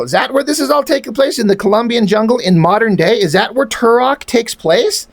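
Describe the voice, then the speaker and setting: A man's voice: very high-pitched, expressive, a little fast, hardly any pauses. Sarcastic man ranting about a comic. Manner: sarcastic, rambling, profane asides. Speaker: comic reviewer. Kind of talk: reading a comic aloud with commentary.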